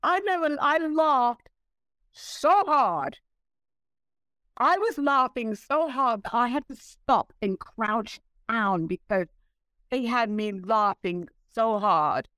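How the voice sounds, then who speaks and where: A woman in her sixties, a guest telling stories in a casual interview, animated and laughing, acting out what others said. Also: fairly high pitch, slow, clean tone, dry recording. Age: 60s. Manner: animated, laughing, acts out quoted voices.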